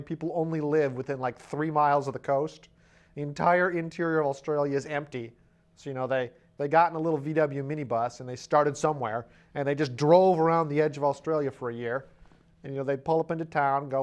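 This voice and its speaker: A man hosting a podcast, telling a rambling, wry comic story and slipping into silly voices for the people in it. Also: a little high. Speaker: podcast host. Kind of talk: casual comic monologue.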